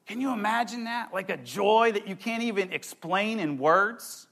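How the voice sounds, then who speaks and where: Excitable high-voiced man preaching. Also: moderate pace, vocal fry. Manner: excitable and animated, with playful asides. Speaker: pastor. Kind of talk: sermon.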